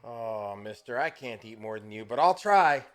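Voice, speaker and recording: A man's voice: medium pitch, lively intonation, normal speed, soft background music, voice pushed down, natural voice. A man voicing a timid, scrawny young boy who pleads meekly and stammers. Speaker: game master.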